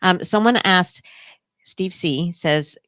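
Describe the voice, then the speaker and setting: Lady hosting a radio chat, pretty low voice, dry close mic, lots of ums. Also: slow pace, dry recording. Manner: warm, encouraging, chatty with fillers. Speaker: radio show host. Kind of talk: casual interview chat.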